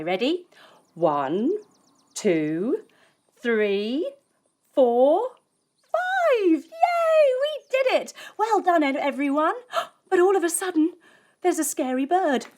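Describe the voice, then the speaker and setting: A woman telling a yoga story for children in an animated, sing-song and encouraging way. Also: high-pitched, slow, pauses often. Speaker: kids yoga instructor and storyteller.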